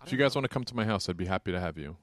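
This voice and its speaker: Male staffer, low-pitched, hesitant and understated, dry mic. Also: lively intonation, dry recording. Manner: quiet, hesitant, halting. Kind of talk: casual group banter.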